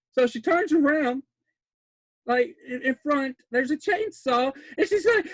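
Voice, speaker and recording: Brief: high-pitched man, dry close mic, laughs through a rambling horror-film recap. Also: normal speed, dry recording. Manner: rambling, laughs often, restarts words; jumps to loud disbelief. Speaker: podcast host recapping a film. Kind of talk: excited casual film recap.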